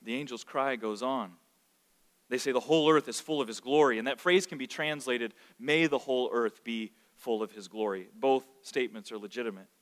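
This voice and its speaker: A man preaching a sermon, emphatic and swinging between hushed and loud passages. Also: mid-range voice, normal speed. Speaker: pastor.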